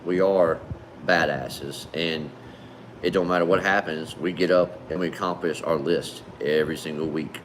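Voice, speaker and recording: With a low, deep voice and a moderate pace, this livestream host casually greets his viewers and reads their comments aloud. His easygoing shout-outs are full of "man" and "brother," and a faint hum runs beneath.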